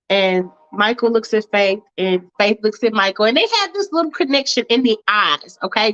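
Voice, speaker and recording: A woman's voice: on the high side, fairly bright tone, dull audio. Chatty woman telling a story. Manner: chatty, playful, slangy. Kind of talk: casual storytime narration.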